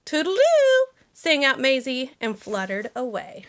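A teacher, a woman, reading a rhyming picture book aloud to children with an expressive storytelling manner. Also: high-pitched, moderate pace.

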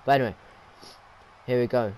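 A young man giving excited, rambling play-by-play commentary over a wrestling video game, pleading with the action on screen. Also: medium pitch, fairly quick, a little hiss or hum. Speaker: gaming commentator.

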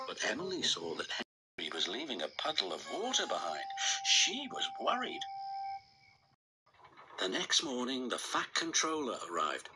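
A man narrating a children's storybook in an expressive read-aloud style. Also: medium pitch, a little slow, low-quality recording. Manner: lively, expressive reading. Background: background music.

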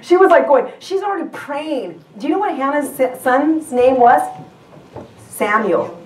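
A woman's voice: high voice, expressive, unhurried, darkish tone, a little hiss or hum. Woman preaching in an echoey church. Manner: conversational, with frequent restarts and questions to the congregation. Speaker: guest pastor. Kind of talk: sermon. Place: church sanctuary. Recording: echoey church hall from far off.

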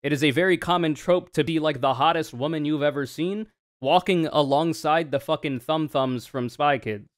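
Young male streamer, fairly high voice, jokey and profane, off-the-cuff reaction commentary. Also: normal speed, dry recording, clean studio sound. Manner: profane, joking, rambling.

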